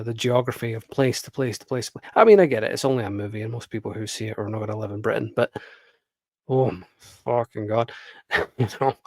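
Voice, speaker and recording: A man's voice: medium pitch, a little mellow, no echo. Profane, exasperated man ranting to camera. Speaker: video commentator. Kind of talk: casual rant to camera.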